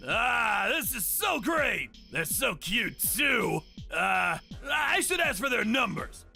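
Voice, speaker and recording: A man's voice: very high-pitched, sing-song, slow, vocal fry, sharp tone, raised voice, faint music behind, full character voice. A man playing a smarmy flirty shop worker. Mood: smug. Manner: showy, boastful, breezy. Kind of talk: animated dub acting.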